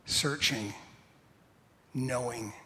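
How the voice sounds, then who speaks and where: A male pastor giving a sermon in a church, slow and measured, laughing at himself now and then. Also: mid-range voice, bright, forceful tone. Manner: slow, measured preaching with a self-deprecating laugh. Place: church sanctuary. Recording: long hall reverb.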